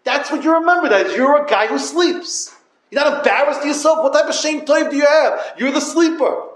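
High-pitched man giving a yeshiva talk. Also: brisk. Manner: storytelling, addresses listeners directly; Yiddish-inflected yeshivish English. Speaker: yeshiva lecturer. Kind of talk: Torah talk to yeshiva students. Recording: echoey room.

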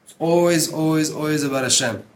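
A man's voice: a little high, a little fast, slight background noise. Earnest man teaching a religious text. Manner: earnest, emphatic, repeats words for stress; mixes in Hebrew terms. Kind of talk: Torah class reading and translating a text.

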